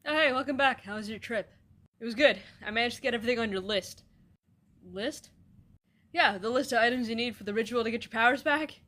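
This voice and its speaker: Comedy skit voice: woman, somewhat high, dry and sarcastic banter, swears casually. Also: fairly quick, fairly bright tone. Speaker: comedy sketch voice performer. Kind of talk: comedic dialogue skit, voicing several characters.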